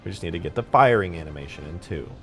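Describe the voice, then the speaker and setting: A man's voice: deep voice, quick pace, husky, soft background music. A young man chatting casually and playfully as he works on a game mod, reading viewer messages aloud and joking along. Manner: animated, joking, casual swearing. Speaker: game modder and streamer.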